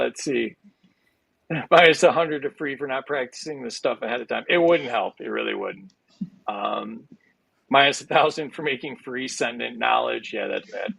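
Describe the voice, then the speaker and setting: This male host talks through his stream with a heavily gravelly, fry-filled voice that sounds bright and forceful. The mic is close and dry, with no room sound. He jokes loosely and fills the gaps with uhs and ums. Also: mid-range voice, a little slow, no echo. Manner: jokey, rambling with many fillers. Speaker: game show host. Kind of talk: casual game show hosting.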